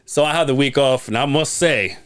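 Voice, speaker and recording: A man's voice: mid-range voice, brisk, smooth. A man co-hosting a podcast, telling stories in casual, profane chat. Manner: profane, animated storytelling with laughter. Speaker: podcast co-host.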